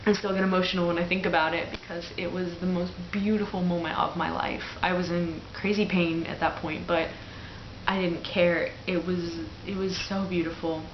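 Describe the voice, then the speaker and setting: A young woman with a lowish voice tells her birth story straight to the camera, frank and chatty, peppering it with "like". The sound is dull and lo-fi, bouncing around a hard, echoey room. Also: little pitch movement, normal speed, noisy background. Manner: candid and chatty, full of "like" fillers. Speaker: new mother telling her birth story. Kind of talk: casual personal storytelling to camera.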